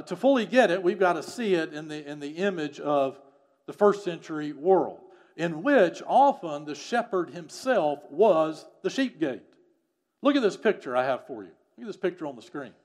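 Higher-voiced man preaching a sermon. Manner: explanatory teaching, drops softer on key phrases. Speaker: pastor. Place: church or studio with a screen.

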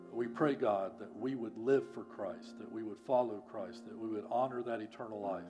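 A man preaching a sermon as a church pastor, earnest and pleading, who builds up to loud, emphatic peaks and then drops low again. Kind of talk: sermon and closing prayer.

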